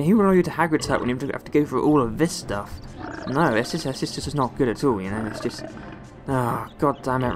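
Young english guy from the west country, yelps and grumbles at a video game while playing, mid-pitched voice. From West Country, England. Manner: excitable, exclaiming and grumbling at the game. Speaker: gaming video host. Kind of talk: let's play commentary.

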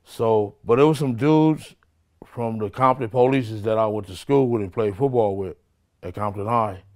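A man telling street stories in an interview, profane and animated, acting out the people he quotes. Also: on the low side, moderate pace. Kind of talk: street storytelling.

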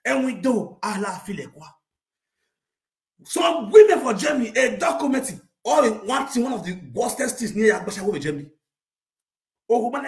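A man with a Nigerian accent telling a comic rant, animated, mixing Pidgin and local languages and bursting into shouts. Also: high voice. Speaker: comedic storyteller. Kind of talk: comic rant sharing gossip. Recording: roomy echo.

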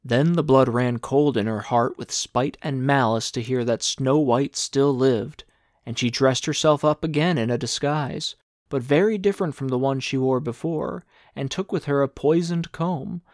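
A man reads a classic fairy tale aloud in a measured, clear storybook manner. His voice sits in a middle register. The sound is dry and close, with no room around it. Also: mid-range voice, darkish tone, dry recording. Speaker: audiobook narrator. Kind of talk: storybook read-aloud narration.

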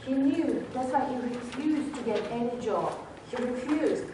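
A woman's voice: high voice, measured pace, background noise. A woman presenter at a workshop, telling a motivational story with lots of restarts and acted-out quotes. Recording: very echoey hall, distant mic.

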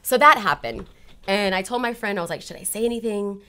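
A woman's voice: medium pitch, expressive, brisk, pushed and bright, clear, resonant tone. A woman guest in a casual interview, animatedly telling a personal story and acting out her own past conversations.

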